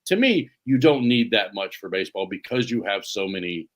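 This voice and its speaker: This podcast co-host speaks in a lowish voice at normal speed. His talk is a casual chat, and he rambles through stories in a relaxed way.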